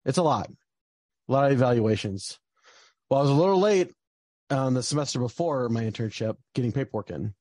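A man's voice: mid-range voice, animated, a little fast, long pauses, a little mellow, no room sound. A young man telling a personal story in a casual, rambling way, with lots of fillers and bursts of frustration. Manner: rambling, many fillers, gets heated and swears.

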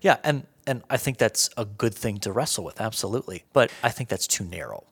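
A man's voice: lowish voice, animated, a little fast, breathy edge. A man being interviewed, earnestly explaining ideas step by step with everyday examples. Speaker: Bible scholar guest. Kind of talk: conversational teaching.

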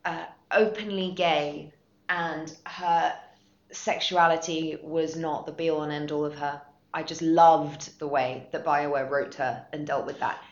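Deep, steady and unhurried, this woman is a guest voice actress on a podcast, speaking effusively and circling back over the same words. The audio is lo-fi and dull, captured in an echoey room.

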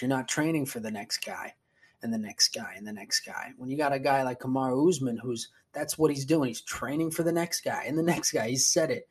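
Husky guy rambling on his solo podcast, swears a ton, keeps restarting. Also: fairly high pitch. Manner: rambling, profane, restarts a lot. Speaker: podcast host. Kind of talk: solo casual chat.

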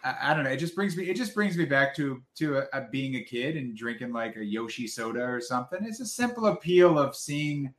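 A man co-hosting a casual chat podcast, animated and joking. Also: mid-range voice, fairly quick, few pauses, roomy sound, slight background noise. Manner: animated, does comic impressions. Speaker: podcast co-host.

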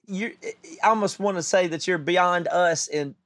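A man hosting a podcast, speaking sincerely with hesitant pauses. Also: sits high, a bit bright, no room sound. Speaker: podcast host. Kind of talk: casual podcast chat.

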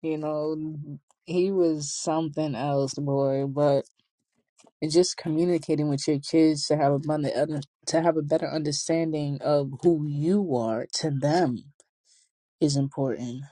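A woman's voice: sits low, fairly even intonation, a little slow, mellow, no room sound. A young adult woman vlogging, telling casual stories in a chatty, slangy way and laughing often. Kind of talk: casual storytelling to camera.

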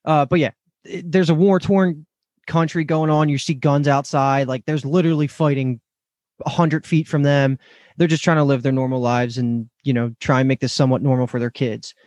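A man co-hosting a casual podcast, quick and questioning, with enthusiastic asides. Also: medium pitch, fairly even intonation, a little mellow, dry recording. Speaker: podcast co-host. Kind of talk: casual chat about a TV show.

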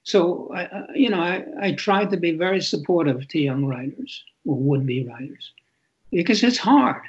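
Husky older man, reflective and halting. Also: a little high, lively intonation, highs cut off. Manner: reflective, halting, repeats words. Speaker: author and interview guest. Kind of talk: candid conversational interview.

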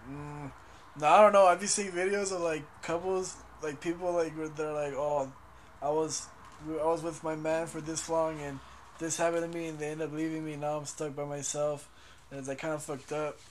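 A man's voice: on the high side, little pitch movement, normal speed, slight background noise. A young man co-hosting a podcast in casual chat, rambling and profane, hesitating with lots of fillers. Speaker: podcast co-host.

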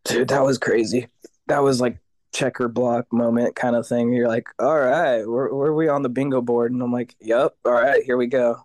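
A man's voice: mid-range voice, fairly even intonation, normal speed, a little mellow, no echo. A man, a guest vocalist in a casual interview, telling stories animatedly, acting out the voices of others and swearing casually.

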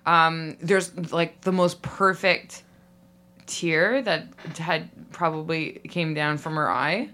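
Bright-voiced woman riffing a goofy story, lots of likes and giggles, kinda low pitched. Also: fairly even intonation, takes it slowly. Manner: rambling, bubbly, laughs often, many likes. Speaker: improv comedy guest. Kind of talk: improvised comedic storytelling.

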